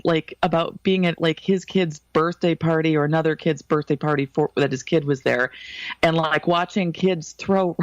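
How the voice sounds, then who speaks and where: A woman co-hosting a podcast in casual chat, animated and profane, laughing often. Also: fairly low pitch, no echo, lo-fi sound. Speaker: podcast co-host.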